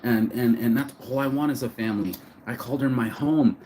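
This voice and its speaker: A man with a warm, mid-range voice talks fairly quickly while sitting on a bench outdoors, with a little hiss or hum in the audio. He's an emotional vlogger delivering a rambling monologue, restarting phrases and swearing casually.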